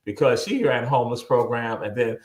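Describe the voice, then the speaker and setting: A man's voice: mid-range voice, a little fast. A man speaks as a guest over a video call, recounting his story with lots of energy. He loops back on his words and slips into voices for the people he quotes. His voice sits in the middle range, and the room audio has a noticeable echo. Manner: animated, repeats words, acts out quoted voices. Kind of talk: casual storytelling interview.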